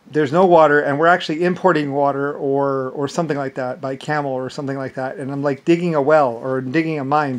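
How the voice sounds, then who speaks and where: A man with a fairly high voice tells a long, meandering story in casual monologue. He keeps circling back with restarts, jumping from loud, animated bursts to quiet, mumbled asides. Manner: rambling, repeats "anyway" and restarts often. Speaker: storyteller recounting an imagined past life.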